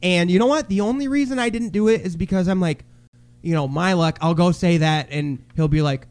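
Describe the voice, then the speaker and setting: Man, high-pitched, heated, swearing, shouting bursts, casual podcast chat. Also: fairly quick, clear, resonant tone. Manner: swears heavily. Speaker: podcast co-host.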